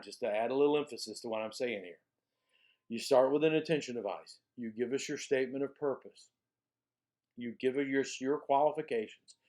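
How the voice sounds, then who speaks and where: A man's voice: on the high side, a little mellow. Emphatic man giving a recorded lecture. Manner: instructive, repeats steps, frequent "okay?" check-ins; emphatic, slows down to stress key phrases. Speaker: college speech instructor.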